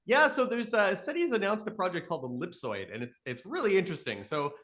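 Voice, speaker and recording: A man in his thirties from Canada, explaining astronomy with enthusiasm in a live question-and-answer session and telling stories with lively voices. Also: sits high, quick pace. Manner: enthusiastic storytelling, animated voices in quotes. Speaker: astronomy educator.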